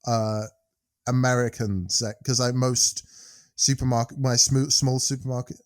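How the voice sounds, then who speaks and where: A man's voice: medium pitch, fairly even intonation, unhurried, no room sound, studio quality. A British man co-hosting a podcast in casual, rambling chat that often trails off mid-sentence. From United Kingdom. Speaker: podcast co-host.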